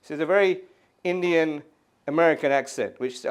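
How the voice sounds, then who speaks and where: A man's voice: fairly high pitch, brisk. A middle-aged man from England, performing a stand-up set in an exasperated, ranting manner with lots of swearing. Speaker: stand-up comedian. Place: art gallery stage, live audience.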